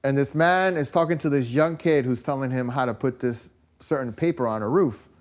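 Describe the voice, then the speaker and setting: With a brisk pace and mid-range male voice, this preacher rambles through anecdotes in a conversational sermon. He leans heavily on "you know," "right?" and rhetorical questions directed at his listeners.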